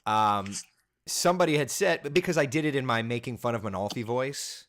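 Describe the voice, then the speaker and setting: A man's voice: medium pitch, brisk, a little hiss or hum. A man hosting a casual live morning weather chat, joking and telling stories. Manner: chatty, jokey, lively storytelling. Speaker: TV meteorologist host.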